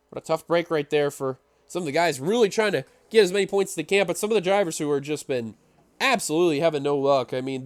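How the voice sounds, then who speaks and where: A man doing play-by-play commentary on a simulated stock car race, excitable and running out of breath. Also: on the high side, no room sound, clean studio sound. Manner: excitable, builds to shouting at the finish. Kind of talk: sim racing play-by-play commentary.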